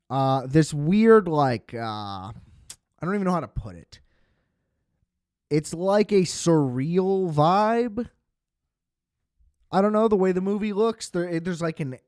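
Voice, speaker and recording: Smooth, dry-sounding podcast host rambling sarcastically. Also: male voice, sits high, no room sound. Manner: rambling, sarcastic, swears freely, many fillers. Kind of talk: casual film review monologue.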